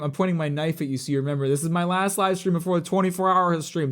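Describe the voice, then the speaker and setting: A man's voice: a little high, steady tone, fast, few pauses. A young man chatting casually on a live stream, rambling, blunt and profane with a sardonic edge. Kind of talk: casual live-stream chat while building a model kit.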